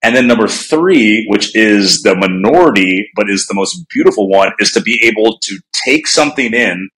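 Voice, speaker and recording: Low-voiced man, rambling and blunt. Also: expressive, moderate pace, fairly bright tone, slight background noise, rough recording. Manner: rambling, many restarts and "like" fillers, blunt swearing. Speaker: guest, human connection coach. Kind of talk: casual podcast conversation. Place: room at home.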